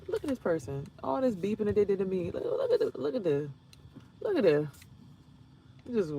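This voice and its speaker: A woman vlogging in a chatty, slangy way, laughing often and swinging between loud remarks and hushed asides. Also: lowish voice, vocal fry, background noise. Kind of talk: casual spiritual vlog monologue.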